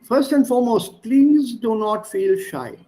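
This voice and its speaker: Man, high voice, language teacher, video call, repeats and spells words, encouraging. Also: animated, measured pace, dark tone, poor audio. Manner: reassuring, coaxing students to speak up. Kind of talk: online class teaching.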